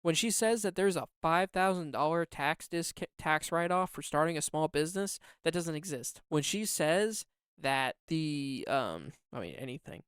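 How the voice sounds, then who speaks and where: Heated podcast co-host, smooth dry voice. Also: medium pitch, animated, moderate pace, a bit bright, no room sound. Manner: heated, indignant ranting; repeats words for emphasis. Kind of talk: political commentary chat.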